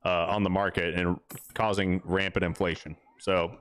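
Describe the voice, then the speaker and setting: A man's voice: low voice, little pitch movement, moderate pace, fairly bright tone, clear, resonant tone, dry recording. A man hosting a livestream, rambling and joking crudely while he plays. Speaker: livestream host. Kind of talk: casual gaming commentary.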